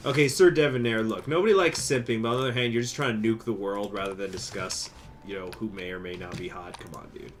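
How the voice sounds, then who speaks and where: A man streaming a strategy game, chatting casually with viewers, rambling, laughing and jumping into high excited bursts. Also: fast talker, slight background noise. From United States. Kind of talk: casual game commentary with chat.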